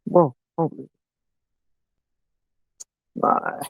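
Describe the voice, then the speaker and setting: A man's voice: drawn-out words, no echo, narrow, tinny audio. A man on a live ghost-hunting stream, swearing nervously and questioning a spirit box in an old abandoned house. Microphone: handheld phone on a live stream.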